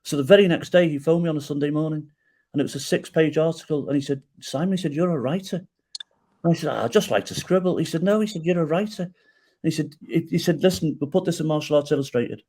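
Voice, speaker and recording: As a guest on a podcast, a middle-aged man tells a personal story at a fast clip in a fairly high voice. He brings quoted dialogue to life and frequently adds "right?" to check in with whoever's listening.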